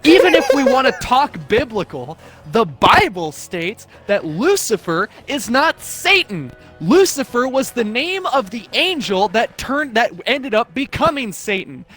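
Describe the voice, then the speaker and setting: High, animated young man ranting. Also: a little slow, hardly any pauses, faint music behind. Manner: profane, mocking, quotes people in put-on voices. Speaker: streamer. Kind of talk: casual live-stream rant.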